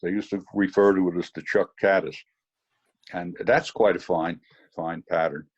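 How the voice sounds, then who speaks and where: Husky-voiced man telling fishing tales. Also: deep voice, fairly even intonation, moderate pace, dull audio. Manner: rambling storyteller with fillers. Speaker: fly fishing instructor. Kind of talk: anecdotal teaching demo. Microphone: video call.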